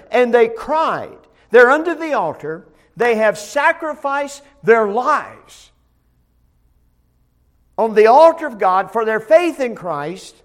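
Preaching emphatically at a Bible study, the pastor's very high voice moves between loud statements and hushed side remarks. Phrases often begin with repeated words.

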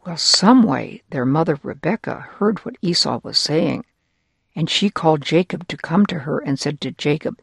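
Gravelly children's Bible storyteller. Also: mid-range voice, fairly bright tone, no room sound, clean studio sound. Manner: slow and deliberate, asks listeners rhetorical questions.

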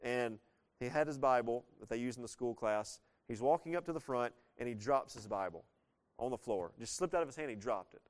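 A pastor preaching a sermon in a relaxed, conversational way, often turning questions back to his congregation. His voice sits in a middle pitch for a man, and his loudness rises and falls as he drives his points home. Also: brisk. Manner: lively preaching with frequent shifts in loudness.

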